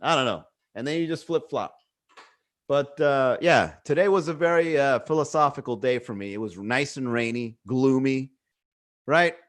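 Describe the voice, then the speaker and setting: A man's voice: mid-range voice, lively intonation, normal speed. A man hosting a casual solo podcast from home, musing aloud in a rambling way, swearing freely and full of fillers. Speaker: podcast host. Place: indoors at home.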